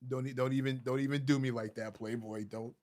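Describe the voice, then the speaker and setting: A man's voice: medium pitch, fairly even intonation, brisk, a little mellow. A man hosting a casual livestream, joking and talking straight to his chat viewers. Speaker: livestream host.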